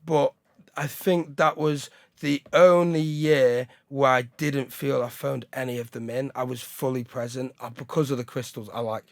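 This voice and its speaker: A male stand-up comedian, chatting in a rambling, excitable way, often breaking into laughter and shouts. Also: mid-range voice, normal speed, creaky, dry recording, studio quality. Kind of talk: casual chat.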